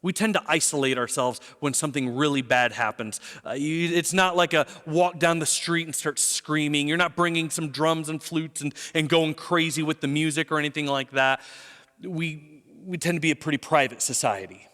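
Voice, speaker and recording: A middle-aged man preaching a sermon in a lively storytelling way, with jokes and acted quotes. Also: on the high side, moderate pace. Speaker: pastor. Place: large church auditorium. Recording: long hall reverb.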